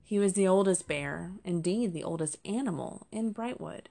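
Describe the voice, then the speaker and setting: A woman reads a storybook aloud in a lowish, gravelly voice. Her narration is expressive and measured.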